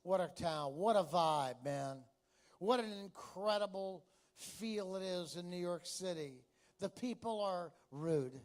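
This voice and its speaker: A man's voice: high voice, expressive, slow. A man from Texas doing a stand-up comedy routine, brash and chatty, with crude punchlines.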